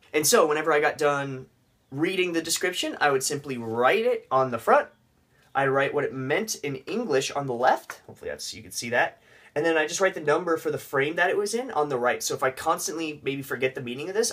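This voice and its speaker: A man's voice: medium pitch, a bit bright. A young man casually vlogging tips on learning a language, with joking, rambling asides.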